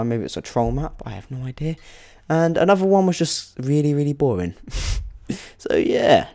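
A man's voice: medium pitch, warm tone, no room sound, clean studio sound. A young man hosting a game channel, giving let's play commentary in an exasperated, rambling way with swearing. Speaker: gaming channel host.

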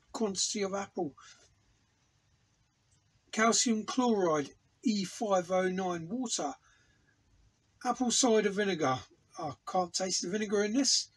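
A man from England talks slowly in a high, slightly husky voice. He rambles happily and tastes aloud as he reviews a sauce from an indoor home studio. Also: a bit bright, poor audio. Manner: enthusiastic, rambling, tasting aloud. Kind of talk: casual product review vlog.

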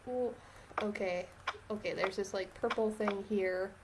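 Woman gamer, casual frustrated chat, home mic with clear hiss. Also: mid-range voice, steady tone, measured pace. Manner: frustrated, sighing, rambling. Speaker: let's-play gamer.

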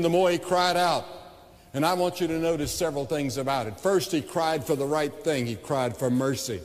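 A man, preaching a revival sermon with impassioned, dramatic storytelling that acts out the characters. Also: fairly high pitch. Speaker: evangelist preacher. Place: large indoor arena. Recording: echoey 1989 arena sermon recording.

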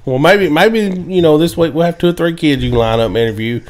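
A man's voice: fairly high pitch, animated. A man hosting a casual football chat, laughing often and telling stories. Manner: laid-back, laughs often, drawn-out stories. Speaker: podcast co-host. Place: home, indoors.

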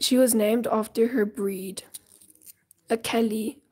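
A woman's voice: on the high side, fairly even intonation, slow pace, darkish tone, breathy edge. A teenage girl casually chatting with viewers on a live stream while coloring, dramatic and chatty, often slipping into whispers.

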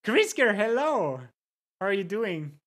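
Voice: medium pitch, big pitch swings, a little slow, fairly bright tone. A livestreamer in casual chat, reading viewer messages aloud, greeting people, and repeating words with amusement.

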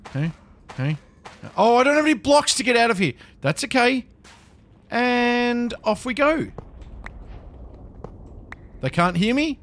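A man with an extremely high-pitched, fairly bright voice gives casual gameplay commentary, talking to himself as he plays and repeating phrases with nervous chuckles. He's a gaming video creator.

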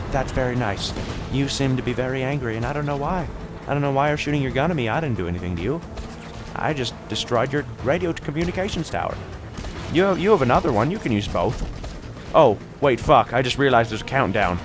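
A teenage boy in his mid-teens doing excitable, jokey let's-play commentary, yelping and shouting at the game. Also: mid-range voice, normal speed, long pauses, music in the background. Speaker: gaming YouTuber.

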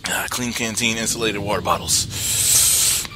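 A young man giving excitable, profane commentary while playing a video game, talking back to the characters on screen. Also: on the low side, unhurried. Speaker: gameplay commentator. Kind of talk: let's-play commentary. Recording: game music behind voice.

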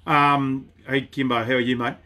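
A man's voice: medium pitch, level tone, normal speed, pushed and bright. Laid-back Australian man greeting viewers. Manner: chatty and laid-back, greets viewers by name mid-sentence. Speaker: shop owner hosting a live stream. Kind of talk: casual live-stream chat. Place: inside his outdoor shop.

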